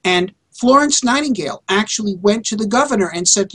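A man's voice: high-pitched, expressive, brisk, bright, forceful tone. A man answering as a guest author in an interview, emphatic and often repeating words and restarting his sentences.

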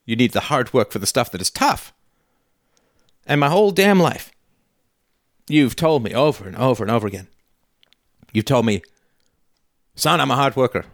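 A man's voice: mid-range voice, lively intonation, moderate pace, pauses often, dry recording, clean studio sound. A man hosting a call-in show, playing a son who confronts his father in a heated, emphatic and sarcastic way, swearing as he goes. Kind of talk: call-in show role-play.

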